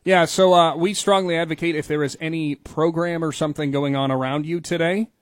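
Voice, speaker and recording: A man's voice: on the high side, fairly even intonation, a little fast, no room sound, studio quality. A man hosting a radio morning show, chatting in an easygoing, upbeat way. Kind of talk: casual radio chat. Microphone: studio microphone.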